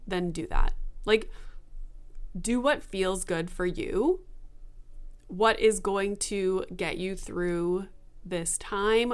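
A blunt woman in her late thirties hosts a solo podcast. She talks straight to her listeners in a casual, frank way and drops the odd swear word. Her voice sits at an ordinary middle pitch for a woman. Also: smooth. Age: 30s. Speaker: podcast host.

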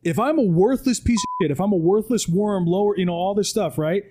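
A man's voice: high-pitched, brisk, background noise. A man talking as a podcast guest, preaching with emphasis and often tagging "right?" onto his points. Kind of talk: animated motivational talk. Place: podcast studio.

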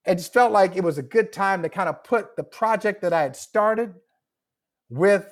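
A man with a fairly high voice talks as an author guest on a podcast, heard over a remote link. He is reflective and openly emotional, and he laughs now and then. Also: moderate pace. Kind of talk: podcast interview.

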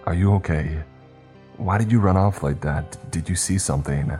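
A man's voice: deep voice, moderate pace, mellow, soft background music, lightly acted. A man voicing a shaken young man who talks in a panting, nervous way. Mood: anxious.

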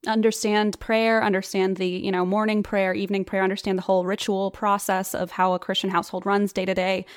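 A woman's voice: medium pitch, level tone, fairly quick, clear, resonant tone, dry recording, clean studio sound, close to an everyday voice. A woman playing an earnest, rambling church lady who runs a dog daycare ministry, in an improvised comedy podcast. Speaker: guest.

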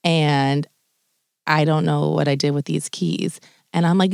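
Low-voiced chatty young woman. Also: unhurried, creaky, clean tone. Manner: chatty, animated, swears casually. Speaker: podcast co-host. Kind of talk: casual chat.

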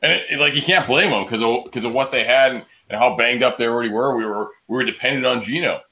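Male podcast host, bright tense tone, rambling delivery, casual sports chat. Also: medium pitch, fast. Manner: loose and rambling, many restarts.

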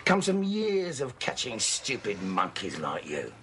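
A tough former policeman, wry and bullying. His pitch rises and falls freely. The old television drama track carries a steady background noise. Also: a little slow, exaggerated voice. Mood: menacing. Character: tough ex-cop, sardonic and bullying. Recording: noisy TV drama soundtrack.

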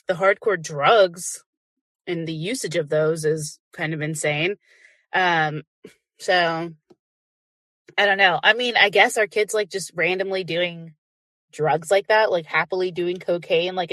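A woman's voice: fairly low pitch, fairly bright tone, no echo, studio quality. A woman hosting a live podcast chat with a stuffy, congested voice, chatty and laughing often with lots of fillers. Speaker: podcast host.

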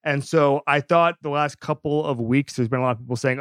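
A man's voice: mid-range voice, a little fast, hardly any pauses, fairly bright tone, smooth, no echo. A man hosting a sports podcast, talking casually and emphatically with frequent restarts. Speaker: podcast host.

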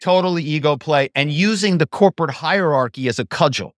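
A middle-aged man, a guest, telling lively stories and slipping into other voices. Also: fairly high pitch, fairly quick, no room sound, studio quality. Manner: animated, slips into voices. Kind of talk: storytelling interview answers.

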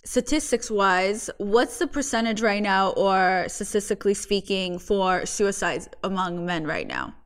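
Woman, podcast host, soft-spoken, reflective, personal, medium pitch. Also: big pitch swings, measured pace, few pauses, clear, resonant tone. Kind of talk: podcast interview.

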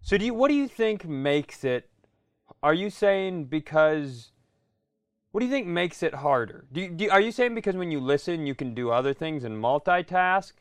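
A man's voice: fairly high pitch, animated, moderate pace, clean tone, no room sound, clean studio sound. A man co-hosting a podcast in casual comedic chat, asking rambling questions full of restarts. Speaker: podcast co-host.

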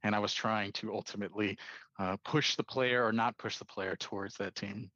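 Man, podcast guest, chatty storyteller, middle pitch, dull dry recording. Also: steady tone, normal speed, sharp tone, no echo. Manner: chatty storyteller, acts out quoted dialogue. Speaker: guest, sports stats analyst. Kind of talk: casual interview chat. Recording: slightly dull, dry sound.

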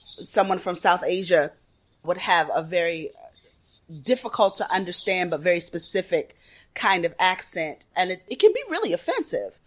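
A woman hosting a podcast interview, earnest and measured, offering firm opinions. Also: fairly low pitch, big pitch swings, lo-fi sound. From United States. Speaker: podcast host. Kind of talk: casual interview.

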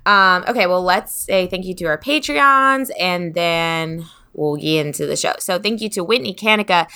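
A woman's voice: lowish voice, moderate pace, pushed and bright, clear, resonant tone. A woman co-hosting a podcast, chatting casually in a bubbly way with lots of fillers and laughs. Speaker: podcast co-host.

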